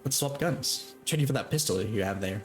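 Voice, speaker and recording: A man playing a menacing male cop leader, gruff and mocking. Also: on the low side, lively intonation, fairly quick, soft background music, close to an everyday voice. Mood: mocking menace.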